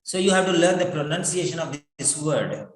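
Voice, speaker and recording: A man teaching a writing lesson slowly, repeating words and spelling them out letter by letter. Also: fairly high pitch, animated. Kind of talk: online exam-prep lesson. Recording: echoey room.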